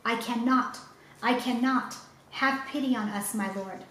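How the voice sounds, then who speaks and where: A woman voicing a simple, strong mountain bowman who pleads and answers gravely, in a storybook reading. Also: medium pitch, moderate pace, distant mic, natural voice. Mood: pleading. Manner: pleading, earnest. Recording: roomy echo.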